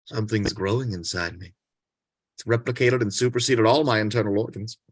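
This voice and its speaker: A man's voice: fairly low pitch, a little fast, breathy edge, no echo. A man reading the part of a possessed man who is turning into an alien being, speaking in a strained, eerie way. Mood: anguished. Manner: strained, eerie, flat mechanical delivery. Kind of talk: amateur script reading.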